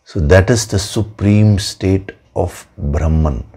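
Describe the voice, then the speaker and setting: Slow, deep-voiced man giving a spiritual talk. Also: dark tone, slightly rough. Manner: slow, measured, emphatic with repetitions. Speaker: spiritual teacher. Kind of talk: spiritual discourse.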